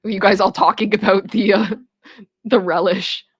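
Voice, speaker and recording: A woman's voice: medium pitch, steady tone, normal speed, husky, dry recording, muffled recording. A woman with a Toronto Canadian accent, chatting casually with her livestream chat, rambling with restarts and little asides. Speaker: livestream host.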